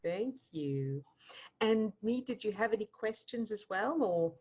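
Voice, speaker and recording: Woman host from the UK, encouraging, mid pitch, slightly muffled call audio. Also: expressive, measured pace, darkish tone, husky. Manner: encouraging, thanks people often. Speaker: host, session leader. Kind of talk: warm group facilitation on video call.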